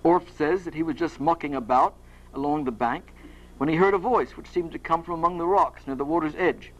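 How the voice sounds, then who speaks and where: A man's voice: fairly high pitch, a little fast, lo-fi sound. A man reading his own fiction aloud at a university, with a dry, wry delivery. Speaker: author giving a reading. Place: university lecture hall.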